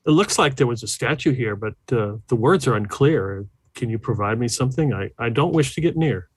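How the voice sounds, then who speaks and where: A man playing a polite adventurer who talks in a formal, measured way. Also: mid-range voice, lively intonation, husky, dry recording.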